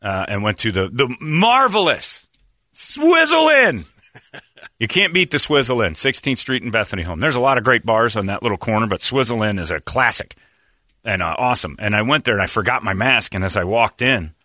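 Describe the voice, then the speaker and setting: A man's voice: on the low side, animated, a little fast, pushed and bright, no room sound, clean studio sound. A man hosting a morning radio show, telling a rambling, self-deprecating story in casual chat and laughing often.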